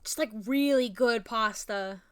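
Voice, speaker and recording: Woman, young adult, New Jersey accent, casual streamer chat, rambling, giggly, high-pitched, clear voice. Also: unhurried. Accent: New Jersey / Philadelphia area. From New Jersey, USA. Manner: rambling, giggly, self-mocking.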